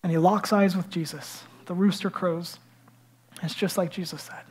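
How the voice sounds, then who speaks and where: A man preaching a sermon as pastor, retelling a story in an animated, conversational way. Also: sits high, moderate pace, breathy edge. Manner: animated storytelling, swinging between hushed and loud.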